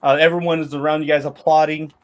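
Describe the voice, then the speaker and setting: A man's voice: on the high side, flat delivery, fast talker. A man narrating a tabletop game as game master, rambling with restarts and casual swearing.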